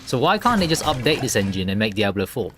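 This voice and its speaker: A man's voice: on the low side, very animated, fast, fairly bright tone, faint music behind. A man chatting casually and joking while streaming a co-op game. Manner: joking, chatty, laughs easily. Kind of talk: casual gameplay chat.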